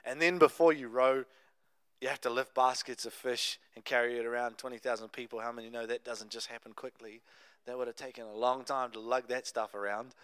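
A young adult man preaching a sermon, telling a Bible story in a conversational, animated way with casual asides. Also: mid-range voice, fairly quick, clean tone, dry recording. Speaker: pastor.

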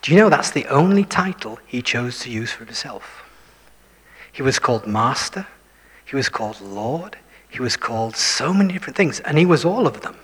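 A preacher delivers his sermon in a husky, slightly breathy voice that carries a long reverb off the hall. He sinks into whispers at key points and turns often to the congregation with questions and wry remarks about himself. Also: mid-range voice, lively intonation, normal speed. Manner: shifts between full voice and hushed whispers for emphasis; self-deprecating, asks the listeners questions.

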